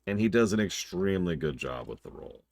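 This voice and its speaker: A man live-streaming a game review, talking casually in a chatty, rambling, self-mocking way with quick asides. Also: sits low, expressive, darkish tone, dry recording.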